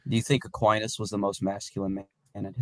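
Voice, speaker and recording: A man's voice: lowish voice, little pitch movement, quick pace, fairly bright tone, dry recording. A man chiming into a casual chat with blunt, offhand remarks.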